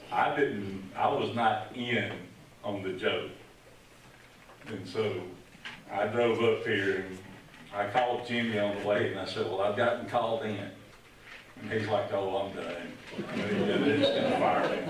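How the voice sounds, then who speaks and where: With a fairly low voice, a retired police officer in middle age gives a rambling, folksy tribute speech at a retirement ceremony. The recording picks up a little hiss or hum, plus the echo of a large room, with him far from the mic.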